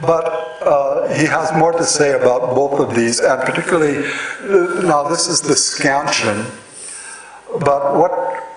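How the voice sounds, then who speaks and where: A man giving a lecture on poetic rhythm, explaining patiently with pauses and fillers, recorded in a hall before an audience. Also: on the high side, crowd noise. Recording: echoey hall, voice from far off, audience present.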